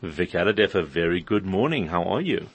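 A man with a low voice hosts a radio interview. He greets his guest and moves things along with short, friendly questions. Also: expressive, brisk. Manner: friendly, brief prompts. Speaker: radio host.

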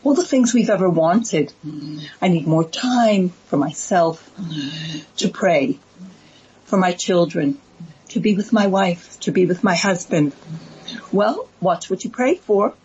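A woman telling a religious story in a dramatic, emphatic way, with pauses. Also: on the low side, lively intonation, darkish tone, husky, muffled recording. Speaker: speaker. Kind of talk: storytelling talk.

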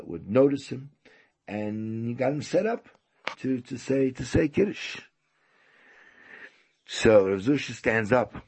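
A man's voice: on the low side, gravelly, mellow, husky. A man, a rabbi, telling a story in a sermon, often stammering and repeating himself.

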